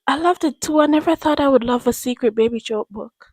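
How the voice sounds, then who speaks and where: A woman's voice: sits high, fairly quick, no echo. A woman, gushing in a casual, rambling chat to camera as a book reviewer. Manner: gushing, animated, rambling with restarts.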